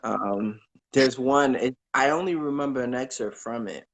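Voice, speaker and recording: A man calling in to recite poems from memory, earnest and unhurried, pausing with fillers between verses. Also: mid-range voice. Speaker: caller.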